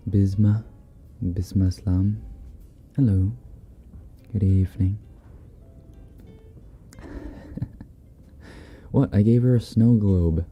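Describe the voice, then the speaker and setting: A man hosting a livestream in a soft-spoken, laid-back way, reading chat messages and chuckling often. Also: fairly low pitch, very slow, long pauses, muffled recording, faint music behind. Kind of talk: casual live chat.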